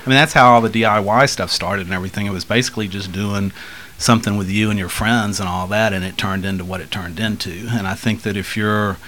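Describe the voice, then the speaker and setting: A man's voice: fairly low pitch, steady tone, fast talker, sharp tone, slight background noise, rough recording. A man from Texas talking casually in an interview, rambling and laughing as he tells stories. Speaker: guest musician.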